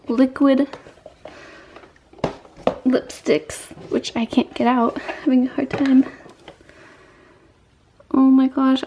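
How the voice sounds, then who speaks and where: Young woman unboxing makeup, high mellow voice, keeps squealing and gushing, slow easy pace. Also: a little hiss or hum. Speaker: beauty vlogger. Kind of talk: excited unboxing vlog. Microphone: camera mic.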